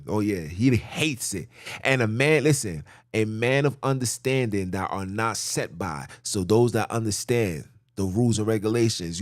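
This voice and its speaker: A man's voice: lowish voice, dry recording, clean studio sound. A man hosting a podcast, reading scripture aloud and preaching on it in a blunt, emphatic, repetitive, informal way. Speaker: podcast host teaching scripture.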